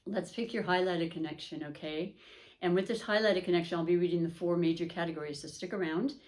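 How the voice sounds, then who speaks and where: Lady doing her astrology reading for viewers, lowish voice, chatty and upbeat, lots of "you know". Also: fairly even intonation, quick pace, darkish tone. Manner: chatty and upbeat, frequent fillers and restarts. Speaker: astrology and tarot reader. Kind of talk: casual spoken reading to camera.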